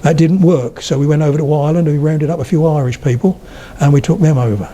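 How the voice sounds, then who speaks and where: Older man giving a lively lecture. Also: on the high side, fast. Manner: chatty storyteller, slips into accent demonstrations. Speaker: guest speaker on spoken English. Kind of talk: public lecture.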